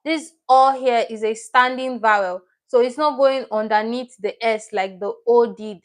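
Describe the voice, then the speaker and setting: Her voice is fairly high and her speed normal. Teaching Korean on a livestream, this woman walks through the material patiently one step at a time and says every new word again.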